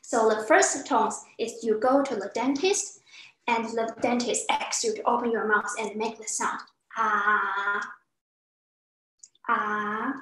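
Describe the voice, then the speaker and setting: A woman teaching a beginner class, patiently explaining and acting out example sounds with exaggerated pitch. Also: unhurried, a bit bright, roomy sound, rough recording. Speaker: Chinese language teacher.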